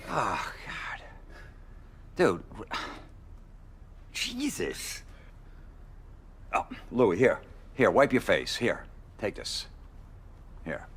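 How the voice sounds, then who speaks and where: An actor playing a loud, crude male road comic who talks in a pushy, needling way. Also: deep voice, a little hiss or hum, full character voice.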